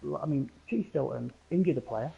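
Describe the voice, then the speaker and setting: A man talking as a team coach in a casual post-game chat, halting and hesitant as he explains himself. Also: a little high, lively intonation, gravelly, highs cut off, a little hiss or hum.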